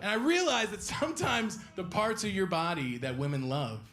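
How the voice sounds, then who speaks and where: A young man performing a stand-up comedy set live on stage, animated and acting out shrill impressions of his girlfriend. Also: normal speed, over loud music. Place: theater stage before a live audience. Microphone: stage microphone. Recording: live stage recording with audience laughter. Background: audience laughter and applause.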